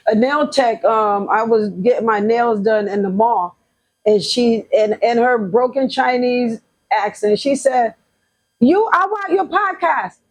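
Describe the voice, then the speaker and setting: A woman who is a guest on a podcast, telling a story in an animated way and affirming the host often. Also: fairly high pitch, unhurried, rough recording. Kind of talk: casual conversation.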